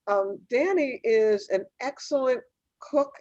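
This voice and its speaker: A woman's voice: on the high side, slow pace, a little mellow, dry recording. A woman hosting a virtual event, upbeat and effusive as she thanks guests and makes announcements. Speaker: host. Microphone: video call. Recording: dry, dull lo-fi audio.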